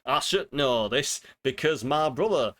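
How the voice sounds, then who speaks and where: A man's voice: mid-range voice, lively intonation, measured pace, a bit bright. A man chatting casually with viewers while streaming a game, rambling and swearing freely. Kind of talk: casual live-stream chat while gaming. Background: game music.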